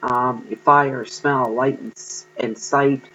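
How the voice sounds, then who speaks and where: A man giving an earnest, encouraging tarot reading to viewers, pausing often with ums. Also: medium pitch, steady tone, bright, forceful tone, dull audio, slight background noise. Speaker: tarot card reader.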